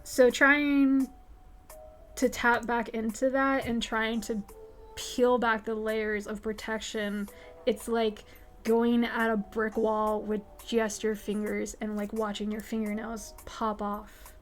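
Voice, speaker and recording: A woman's voice: on the high side, flat delivery, slow pace, soft background music. A woman hosting a livestream, answering viewer questions in a candid, profane, emphatic way. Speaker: livestream host. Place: home streaming setup.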